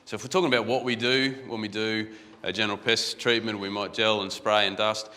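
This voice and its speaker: In an echoey large conference hall, an Australian guest speaker talks from the stage in a low, flat, fairly quick voice that comes across pushed and bright. The talk is casual and anecdotal. He frequently restarts his phrases, repeating words each time.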